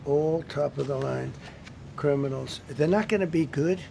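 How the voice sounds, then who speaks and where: Gravelly man giving rambling briefing remarks. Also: fairly high pitch, normal speed, mellow, a little hiss or hum. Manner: rambling, repetitive and emphatic. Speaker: speaker at a press briefing.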